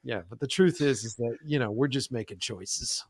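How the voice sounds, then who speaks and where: A man's voice: mid-range voice, normal speed, breathy edge, no room sound, studio quality. A man, a film director, telling stories on a podcast in a casual chat, acting out quotes and swearing freely. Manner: animated storyteller, acts out quotes, swears freely.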